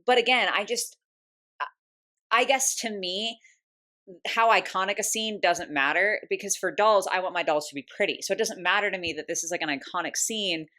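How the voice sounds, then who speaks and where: A woman's voice: mid-range voice, moderate pace, sharp tone. A young American woman giving a casual, candid doll review, chatty and full of "like" fillers, hiccuping now and then. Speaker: doll collector vlogger. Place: home room.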